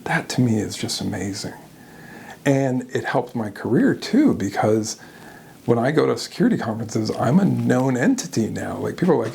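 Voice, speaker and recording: A man speaking as an interview guest, candid and animated, often laughing at himself as he tells his own story. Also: mid-range voice, moderate pace, creaky, husky.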